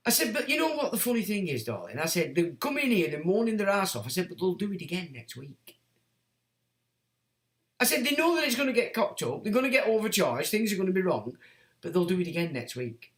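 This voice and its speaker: A man's voice: high-pitched, very animated, a little fast, fairly bright tone, roomy sound. Blunt, sweary man. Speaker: livestream host. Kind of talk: ranting livestream chat, reading comments.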